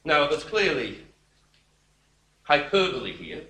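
A man's voice: fairly high pitch, sing-song, takes it slowly, bright, forceful tone. A man preaching a sermon that explains scripture. He talks emphatically and expressively, with wry, dismissive asides. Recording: echoey room, voice heard from away from the mic.

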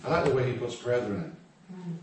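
A man's voice: medium pitch, sing-song, moderate pace. A man preaching a sermon in a conversational, humorous way, with asides to the congregation. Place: church hall. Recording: echoey hall, distant mic, faint noise.

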